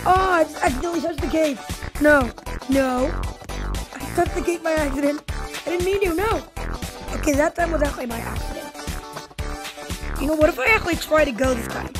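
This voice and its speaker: A woman commentating her own gameplay for viewers, reacting in a jumpy, excitable way and talking straight to them. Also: sits high, fairly quick, pauses often, over music, low-quality recording. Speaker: gaming video host.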